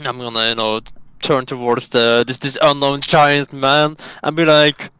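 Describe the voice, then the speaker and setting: A man playing a tabletop game, stammering and restarting his lines as he speaks in character. His voice is smooth and bright, recorded dry and close. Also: medium pitch, flat delivery, normal speed, dry recording. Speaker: tabletop player. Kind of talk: casual tabletop role-play.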